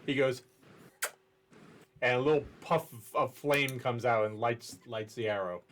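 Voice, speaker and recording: A man's voice: mid-range voice, measured pace, fairly bright tone. A man narrating as game master in a casual, patient way, with loose fillers as he explains where the players are going.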